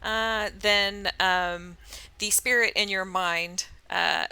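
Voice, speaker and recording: A woman's voice: mid-range voice, fairly even intonation, slow, pushed and bright, smooth. A woman narrating a tabletop role-playing game as game master, in a casual, hesitant way with frequent laughs.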